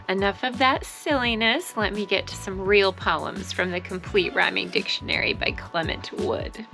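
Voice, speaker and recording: A woman's voice: mid-range voice, moderate pace, gravelly, hardly any pauses, bright, forceful tone, soft background music. A woman hosting a casual vlog about thrifted finds she resold, talking with enthusiasm and frequent exclamations.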